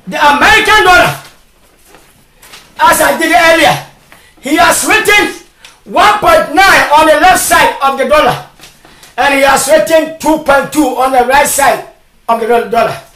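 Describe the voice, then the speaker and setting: A preacher delivering a shouted sermon, firing off repeated rhetorical questions. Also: sits high, lively intonation, a little slow, long pauses. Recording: echoey, from far off.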